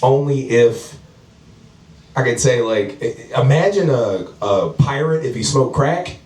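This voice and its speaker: A man performing profane, animated stand-up storytelling at a house comedy show, acting out the people in his story. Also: mid-range voice, a little slow. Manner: animated, profane, acts out characters. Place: house party comedy show with live audience. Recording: echoey room, distant mic, audience laughter.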